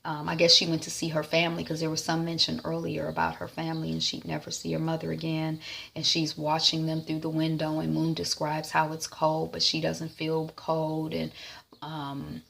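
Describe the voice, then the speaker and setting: A woman's voice: deep voice, completely flat delivery, normal speed, creaky, fairly bright tone. A woman giving a casual TV episode recap, retelling scenes loosely with lots of ums and "is like.". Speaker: TV recap vlogger.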